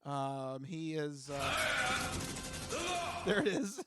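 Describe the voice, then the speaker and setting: A man's voice: a little high, big pitch swings, drawn-out words, loud music behind the voice. A man co-hosting a podcast, speaking casually and hesitantly with many fillers. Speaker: podcast co-host. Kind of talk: casual chat.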